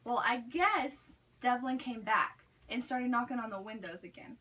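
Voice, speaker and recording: Recorded from afar, a student tells a chatty story in a fairly high, sharp-toned voice at a moderate pace. She fills her sentences with frequent "like" as she goes.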